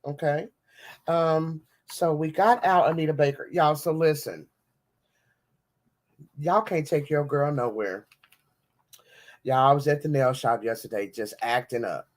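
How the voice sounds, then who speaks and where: A woman podcast host in casual chat, telling lively stories and calling her listeners y'all. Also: sits low, unhurried, long pauses. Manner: animated storytelling with slang, addressing listeners as y'all.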